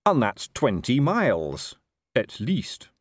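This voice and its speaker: A man's voice: medium pitch, huge pitch swings, slow, no room sound, clean studio sound, pitched above the performer's own voice, exaggerated voice. A man voicing a blustering, self-important middle-aged sergeant in an audiobook, with a raised, wheedling voice. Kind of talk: audiobook character voice.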